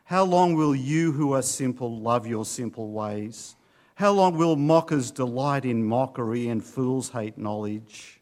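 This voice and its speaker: A man preaching a sermon, swinging between loud urging and low, hushed warnings. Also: a little slow. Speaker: pastor.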